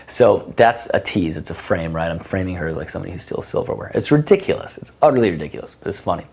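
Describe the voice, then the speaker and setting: A young man talks through dating advice in a loose, casual way, his voice sitting a bit low. He leans on fillers and restarts and slips into acted bits of conversation to show his point. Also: lively intonation, fast talker, gravelly, hardly any pauses, darkish tone, slightly rough. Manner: casual, filler-heavy, acts out both sides of conversations. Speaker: dating coach. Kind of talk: instructional monologue with acted example lines.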